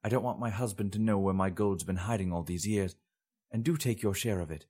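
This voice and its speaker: A man voicing a secretive empress who speaks softly and urgently, in an audiobook reading. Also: lowish voice, a little fast, slightly rough. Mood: hushed. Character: anxious empress, woman, secretive. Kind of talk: audiobook character voice.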